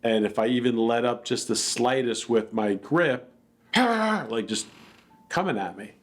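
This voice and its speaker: A man's voice: medium pitch, moderate pace. A man earnestly telling a personal account in a plainspoken, reflective way. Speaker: dog attack victim telling his story.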